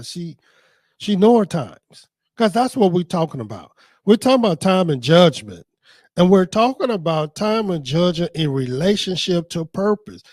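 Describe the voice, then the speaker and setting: A man teaching scripture in a deliberate, emphatic preaching manner. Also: a little high, no echo, studio quality.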